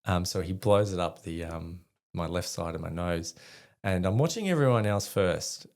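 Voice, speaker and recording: Speaking at a normal speed in a low voice, this middle-aged Australian man is a podcast guest and army veteran. He shares a story in casual conversation, full of fillers and free swearing.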